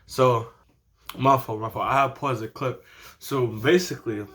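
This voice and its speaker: A teenage boy casually telling a story time to his channel, animated and slangy, laughing often. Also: mid-range voice, unhurried. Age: teens. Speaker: vlogger.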